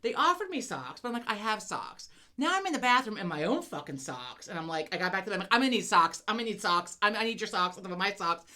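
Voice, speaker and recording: A woman's voice: mid-range voice, sing-song, fast talker, sharp tone. A woman co-hosting a casual podcast chat, telling a profane story with lots of laughter. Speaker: podcast co-host.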